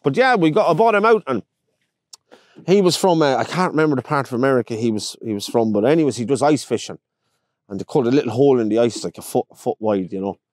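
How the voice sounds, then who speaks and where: A man's voice: medium pitch, fast, darkish tone, no room sound, clean studio sound. An Irish man from Longford, a pike fishing guide, chatting outdoors on a boat and telling stories in which he acts out the people he quotes. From Ireland, County Longford. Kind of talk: casual interview chat.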